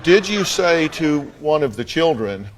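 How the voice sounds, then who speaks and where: A man's voice: a little high, very animated, measured pace, heavy background noise. A man hosting a talk show, bluntly questioning a guest with dry humor.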